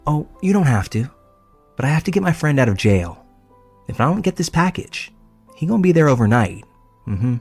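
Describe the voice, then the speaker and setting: A man's voice: on the high side, big pitch swings, moderate pace, pauses often, a little mellow, husky, faint music behind, voice pushed up, full character voice. A man voicing a creepy, giggling country woman who talks in an eerily cutesy way. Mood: unsettling.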